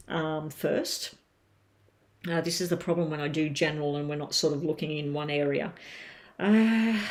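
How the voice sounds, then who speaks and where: A tarot reader doing a casual live-stream reading from home, chatting straight to viewers with lots of ums. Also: medium pitch.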